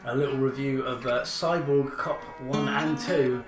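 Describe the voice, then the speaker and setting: A man co-hosting a podcast in casual chat, crude and joking, often halting mid-sentence. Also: medium pitch, fairly even intonation, music in the background. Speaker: podcast co-host. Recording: distant mic in echoey noisy room.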